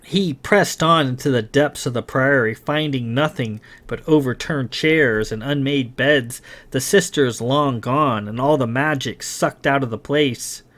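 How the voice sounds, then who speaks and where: A man reading his science fiction novel aloud in a dramatic, expressive narration. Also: mid-range voice, unhurried, few pauses. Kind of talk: scripted audiobook narration.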